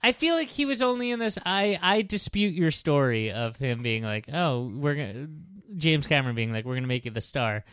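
A man in his thirties co-hosting a movie podcast, skeptical and wry, with quick asides. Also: a little high, animated, fairly bright tone, clear, resonant tone, dry recording, clean studio sound. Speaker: podcast co-host. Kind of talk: casual chat about movies.

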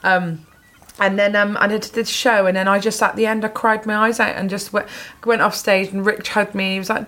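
A woman in her thirties with a Bristol accent, a comedian chatting casually and telling lively, sweary anecdotes with frequent laughs. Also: medium pitch, brisk, few pauses. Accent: Bristol English. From England, Bristol. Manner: animated anecdotes, swears freely, laughs often. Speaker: comedian guest. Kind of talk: casual podcast chat, storytelling.

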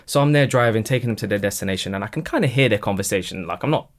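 A man's voice: on the low side, racing. A man, a cab driver guest on a podcast, telling stories in casual chat and acting out the dialogue. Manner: lively storyteller who acts out dialogue in quoted voices.

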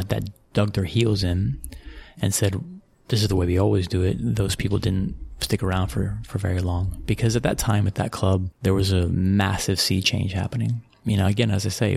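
Middle-aged American man from Texas, interview guest, lowish gravelly voice, dry close sound, easygoing and chatty. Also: a little mellow, no echo. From Texas, USA. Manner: conversational, repeats phrases, chuckles often. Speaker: guest, sports executive. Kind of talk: relaxed interview storytelling.

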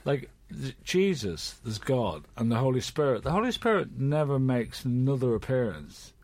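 A man's voice: medium pitch, normal speed, no echo. A man hosting a podcast, chatting casually and telling teasing stories. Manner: teasing, lively storyteller. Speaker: podcast host. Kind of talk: casual comedy chat.

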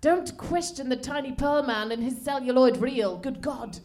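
A woman playing an eager explorer in an improvised comedy scene, brisk and theatrical. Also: high-pitched, crowd noise, natural voice.

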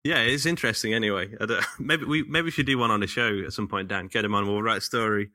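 A man's voice: fairly low pitch, quick pace, pushed and bright, a little hiss or hum. A man hosting a podcast, chatting casually and enthusiastically. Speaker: podcast host.

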